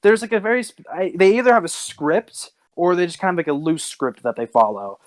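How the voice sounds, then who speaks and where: A man's voice: high voice, big pitch swings, a little fast, dry recording, rough recording. A young man co-hosting a casual podcast, telling long rambling stories and laughing at his own jokes. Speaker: podcast co-host. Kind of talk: casual storytelling chat.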